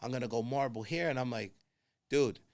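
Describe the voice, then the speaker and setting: Animated New man telling stories. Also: medium pitch, a little fast. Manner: animated storyteller, acts out quoted people. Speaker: podcast guest, construction consultant. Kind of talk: casual conversation.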